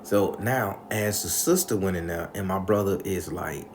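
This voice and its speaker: Brief: male storyteller with a low voice, crude and animated, profane slang, faint noise behind him. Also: moderate pace. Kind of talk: comedic storytelling.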